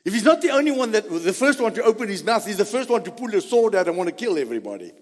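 A male preacher giving a sermon, putting animated rhetorical questions to his congregation. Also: high voice, very fast. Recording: long reverb of a large hall.

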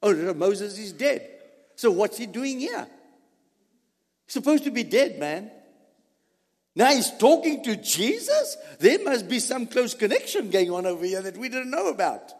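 Animated high-voiced male preacher. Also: a little slow, breathy edge. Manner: animated, rhetorical questions to the congregation. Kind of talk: sermon. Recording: long reverb of a large hall.

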